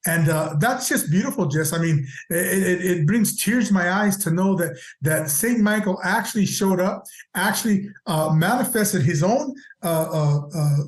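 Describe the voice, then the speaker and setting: A man's voice: sits high, moderate pace, roomy sound. A man co-hosting a Catholic radio show, speaking earnestly and reflectively, often repeating words. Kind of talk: casual conversation on Catholic radio.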